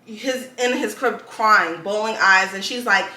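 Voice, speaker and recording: A woman's voice: mid-range voice, a little slow, pushed and bright, roomy sound. A woman hosting a podcast, telling stories casually with slang and laughter. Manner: loose storytelling with slang and laughs. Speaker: podcast host. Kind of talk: casual chat.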